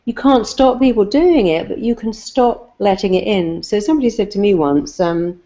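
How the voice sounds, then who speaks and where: Emphatic woman giving warm advice. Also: medium pitch, normal speed, lo-fi sound. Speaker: therapist guest. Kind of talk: motivational advice talk.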